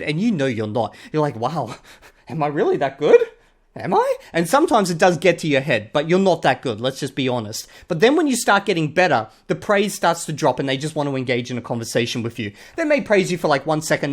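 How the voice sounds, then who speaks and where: A man's voice: a little high, sing-song, brisk, few pauses. A man with an Australian accent giving casual commentary as a channel host, blunt and sarcastic, and he swears casually. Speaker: channel host reviewing a video.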